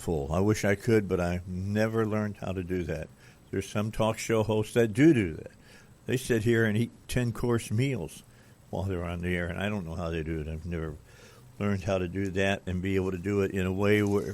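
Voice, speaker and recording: A male talk radio host chatting casually in a studio, rambling with fillers and restarts. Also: on the low side. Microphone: studio microphone.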